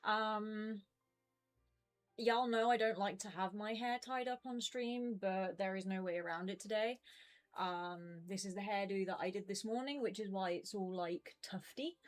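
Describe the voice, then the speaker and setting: A young woman in her twenties chatting casually with her stream viewers from home, rambling with lots of fillers. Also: medium pitch. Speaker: game streamer.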